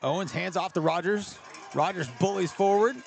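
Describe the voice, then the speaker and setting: A man calling high school football play-by-play from a press box, relaxed and folksy. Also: normal speed, gravelly, a little hiss or hum. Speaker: play-by-play announcer.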